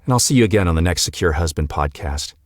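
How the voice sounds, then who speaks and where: A man hosting his own podcast as a marriage coach, speaking earnestly and deliberately with emphatic pauses. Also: low voice, expressive, no echo, studio quality. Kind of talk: solo podcast monologue.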